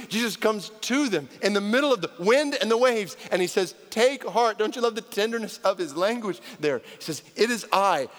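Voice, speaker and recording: A man's voice: high-pitched, fairly bright tone. A preaching man in a reverberant hall. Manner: storytelling, swelling to fervent emphasis. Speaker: pastor. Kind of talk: sermon.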